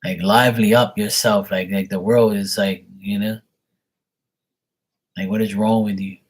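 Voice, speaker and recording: A man's voice: lowish voice, flat delivery, measured pace, breathy edge. A man chatting casually on a live tarot stream, rambling and exasperated, swearing freely. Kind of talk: casual livestream chat.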